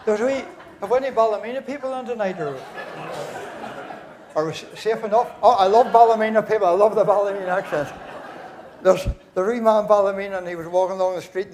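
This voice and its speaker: A man's voice: high voice, a little mellow, slight background noise. An older man with a Northern Irish accent, compering a concert in a large church and telling jokes through a stage microphone, chuckling and rambling with many fillers and restarts. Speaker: master of ceremonies.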